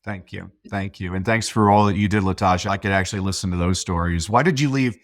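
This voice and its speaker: A low-pitched man, recorded clean in a studio with no echo, appears as a podcast guest; he works as a speaker and coach. In casual conversation he tells stories enthusiastically and is quick to praise his host.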